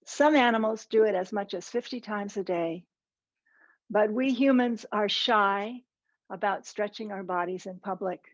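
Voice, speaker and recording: A woman teaching posture and balance, giving calm, encouraging step-by-step movement cues. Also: medium pitch, measured pace, roomy sound, highs cut off. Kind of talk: guided movement instruction.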